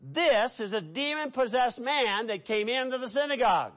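A middle-aged man preaching a sermon, telling stories with lively, animated delivery. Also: extremely high pitch, moderate pace. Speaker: pastor.

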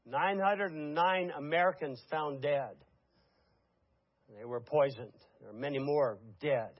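An older male pastor with a high voice preaches to his congregation. He talks with plenty of fillers and restarts, then climbs to fervent, emphatic peaks. The recording sounds muffled and lo-fi. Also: unhurried, no echo. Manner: impassioned, building to emphatic peaks, with frequent fillers. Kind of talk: sermon. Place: church congregation.

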